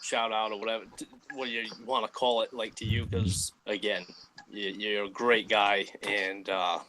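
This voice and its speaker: A man in casual podcast chat, speaking haltingly and filling his sentences with "like.". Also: fairly low pitch, fairly even intonation, heavy background noise. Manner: halting, leans on "like".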